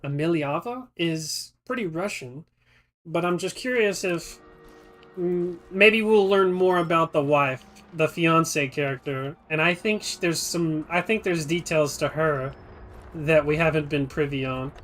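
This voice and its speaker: A man's voice: a little high, a little slow. Chatty man streaming a game. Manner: chatty, rambling, thinks out loud. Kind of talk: casual live-stream commentary.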